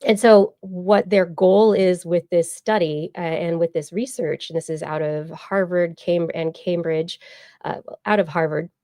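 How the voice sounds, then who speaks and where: Female host, low register, dry recording, casual and discursive explainer. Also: steady tone, a little slow, warm tone, dry recording. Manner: explains at length with fillers and acted-out examples. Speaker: podcast host. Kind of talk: casual science chat.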